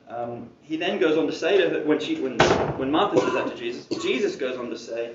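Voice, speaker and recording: A man's voice: on the high side, animated, brisk, few pauses, heavy background noise. A man preaching a sermon in a church hall, talking in a conversational way with casual asides. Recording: roomy, distant and dull-sounding.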